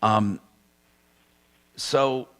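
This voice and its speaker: Brief: middle-aged male radio host, lowish voice, firm and probing with callers. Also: fairly even intonation, very slow, fairly bright tone, clean tone. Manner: firm, pressing questions, then reads sponsor spots. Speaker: consumer advocate radio host. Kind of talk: live call-in radio talk.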